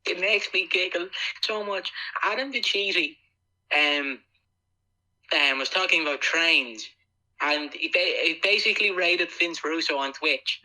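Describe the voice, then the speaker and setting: A man's voice: on the high side, measured pace, sharp tone, rough recording. A man co-hosting a podcast, chatting animatedly and doing silly impressions of people. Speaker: podcast co-host. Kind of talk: casual chat.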